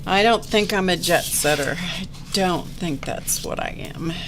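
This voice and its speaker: A woman hosts a live art stream, talking to viewers as she works. Her voice sits a bit low, and she speaks unhurriedly, rambling and poking fun at herself. A faint hiss of noise runs underneath. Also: unhurried. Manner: chatty, rambling, self-deprecating. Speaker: host of an art livestream. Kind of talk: casual livestream chat while crafting.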